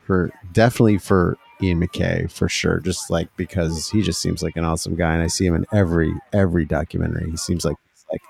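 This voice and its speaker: A man's voice: low voice, fairly even intonation, fast talker, creaky, few pauses, a little mellow, slightly rough, faint music behind. A man co-hosting a podcast in loose, enthusiastic casual chat, swearing now and then. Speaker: podcast co-host. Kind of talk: casual chat about music.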